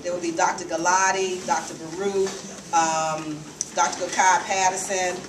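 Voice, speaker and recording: A woman briskly announcing upcoming lectures and panels at a meeting. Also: lowish voice, little pitch movement. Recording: echoey hall, distant mic, background noise.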